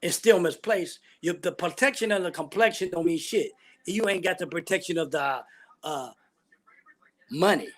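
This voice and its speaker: A man's voice: high-pitched, moderate pace. A man ranting bluntly and profanely about politics, full of heavy slang. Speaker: vlogger giving opinions.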